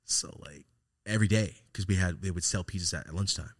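A man's voice: low-pitched, fairly quick. A man hosting a podcast, telling a profane story in casual chat and acting out the voices of the people in it. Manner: profane, animated, acts out voices in his stories. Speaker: podcast host.

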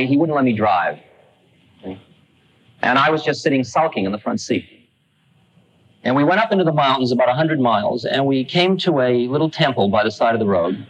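Husky, forceful storytelling man. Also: mid-range voice, highs cut off. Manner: conversational, self-mocking, with restarts and asides. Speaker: speaker telling a personal story. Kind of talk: storytelling talk.

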